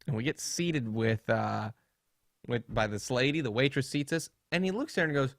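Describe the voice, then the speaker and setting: A man's voice: medium pitch, normal speed, creaky, dry recording, clean studio sound. A young man co-hosting a podcast, rambling through funny stories in casual chat and laughing often. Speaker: podcast co-host.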